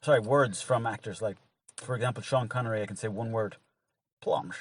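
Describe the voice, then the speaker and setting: An Irish man co-hosting a casual podcast, quick and jokey, swearing now and then. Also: on the low side, fairly even intonation. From Ireland. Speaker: podcast co-host, comedian. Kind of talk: casual chat. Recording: distant mic with loud noise and clicks.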